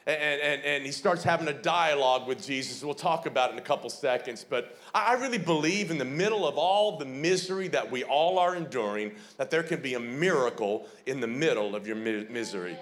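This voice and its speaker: A man's voice: mid-range voice, animated, a little fast, few pauses, fairly bright tone. A man preaching a sermon as a pastor, fervent and emphatic. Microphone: streamed online sermon.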